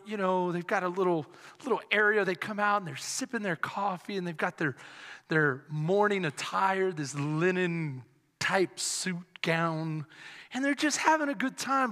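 A male pastor preaching with fervor, his voice high and bright. He tells stories dramatically and rises to shouts at the peaks. The sound carries a long reverb from a large hall. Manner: impassioned, shouting at climaxes, dramatic storytelling. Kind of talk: sermon.

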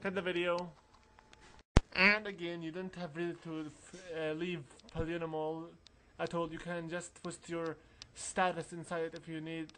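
A man's voice: fairly high pitch, level tone, normal speed, bright, forceful tone. A man giving casual, rambling commentary over a role-playing game walkthrough, mumbling through asides. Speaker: let's play narrator.

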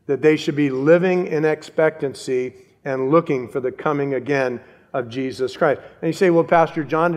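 A man's voice: a little high, big-room sound. An older man, a pastor, giving a sermon in a conversational, humorous way. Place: church sanctuary.

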